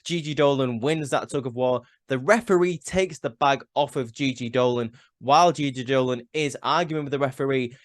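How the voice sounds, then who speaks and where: Male reviewer, mid pitch, casual and opinionated, dry close sound. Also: moderate pace, hardly any pauses, no room sound. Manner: rambling, frequent "um" and restarts, opinionated. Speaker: wrestling show reviewer.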